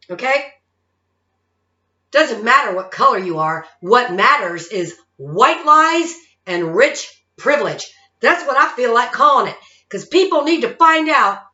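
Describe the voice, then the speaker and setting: Woman, 50s, vlogger monologue; emphatic, lively pitch, echoey lo-fi recording. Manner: emphatic, keeps tagging lines with okay? and all right?. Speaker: psychic-medium vlogger. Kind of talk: casual monologue rant. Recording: roomy, dull lo-fi sound.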